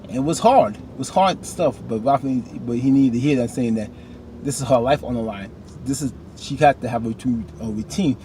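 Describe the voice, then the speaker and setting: Animated man recapping a TV episode. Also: medium pitch, normal speed, a little hiss or hum. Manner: animated, talks back to characters with rising outbursts. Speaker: TV recap vlogger.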